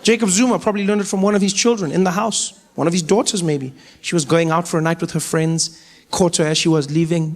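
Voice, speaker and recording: A young man with a South African accent doing stand-up comedy, animated and incredulous. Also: a little high, fast.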